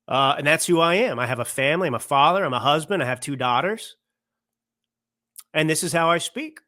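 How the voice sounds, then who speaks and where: A man's voice: fairly high pitch, lively intonation, fairly quick, bright, forceful tone. A man in his thirties or forties hosting a political commentary show, talking in a heated, emphatic way and often repeating himself. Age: 30s to 40s. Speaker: host.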